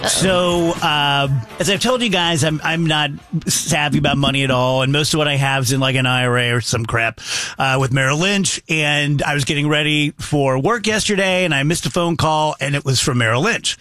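Animated man telling a story, slightly high voice. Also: moderate pace, no echo, faint music behind. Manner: animated, acts out both sides of a phone call. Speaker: radio show host. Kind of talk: casual storytelling chat.

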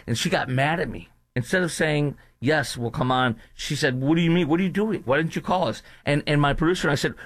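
A man's voice: medium pitch, dry recording. A man hosting a talk radio show, delivering a combative, emphatic political monologue. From North Texas.

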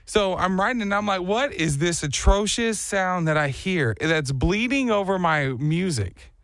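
A man co-hosting a morning show, chatting casually and acting out a story with lively voices and sounds. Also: high voice, unhurried, no echo, clean studio sound. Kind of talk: casual chat.

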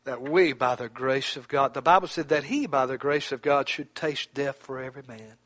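A man preaching a sermon, swinging from loud exclamations to near-whispers and calling out to brothers by name. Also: medium pitch, normal speed, dry recording.

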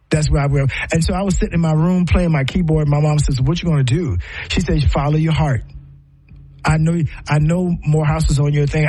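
A man's voice: a little high, dark tone, husky, rough recording. A middle-aged man talking in a casual, reflective monologue, rambling with frequent restarts and repeated words.

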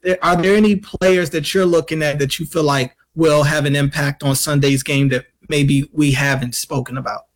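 A man with a somewhat high voice hosts a casual sports talk show. He asks his guest long, rambling questions and restarts his sentences along the way. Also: fairly even intonation, moderate pace, few pauses. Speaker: host.

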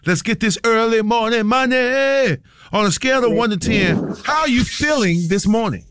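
A man co-hosting a morning radio show who runs a quiz, quick and encouraging, with plenty of slang. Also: very high-pitched, animated, noisy background. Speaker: morning radio co-host, quizmaster.

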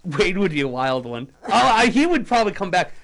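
A man's voice: high-pitched, very animated, brisk, a bit bright. A young man co-hosting a local sports radio show, bantering and joking in a casual, playful way.

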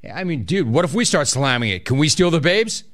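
A man hosting a sports call-in radio show, animated and joking with callers. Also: fairly high pitch, brisk. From California. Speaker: radio talk show host. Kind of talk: casual sports radio chat.

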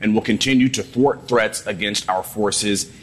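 A male Washington correspondent giving a live news report in a measured, steady way. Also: lowish voice. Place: outdoors at the White House.

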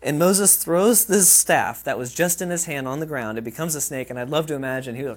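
A man's voice: on the high side, brisk, few pauses. Male pastor delivering a conversational sermon. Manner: conversational, checks in with "okay?".

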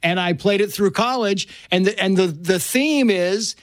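A man's voice: sits high, normal speed, no room sound, studio quality. A middle-aged man, an author guest on a talk show, telling stories with animation and acting out the quotes. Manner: animated storyteller, acts out quotes. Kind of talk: studio interview storytelling.

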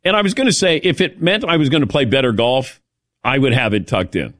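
A man's voice: medium pitch, fairly quick, no echo, studio quality. Middle-aged man telling a story on air. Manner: storytelling, animated, calls on cohosts. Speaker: radio show host. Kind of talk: casual studio chat.

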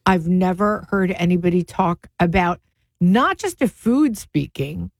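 A woman's voice: fairly low pitch, animated, measured pace, vocal fry, dry recording. A woman hosting a radio show in casual chat, asking playful, curious questions.

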